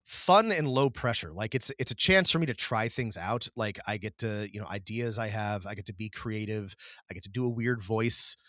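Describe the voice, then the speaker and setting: This is casual podcast chat from a male co-host who rambles, restarts often, and laughs a lot. He has a fairly low, slightly bright voice at normal speed, captured dry with clean studio sound.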